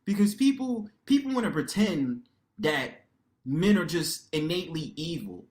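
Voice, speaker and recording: A man hosting a livestream panel, talking casually in a loud, expressive way, full of slang and rhetorical tags. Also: measured pace. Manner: loud and expressive, lively pitch swings.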